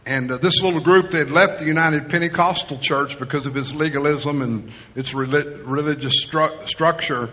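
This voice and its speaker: Bright-voiced preacher in an echoing hall. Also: male voice, a little high, moderate pace, few pauses. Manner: storytelling, acts out quotes. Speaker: pastor. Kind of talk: sermon. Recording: reverberant hall.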